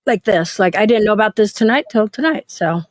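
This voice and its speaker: A woman hosting a casual video-call chat, talking in a quick, chatty way with fillers. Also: mid-range voice, dry recording. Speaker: livestream host.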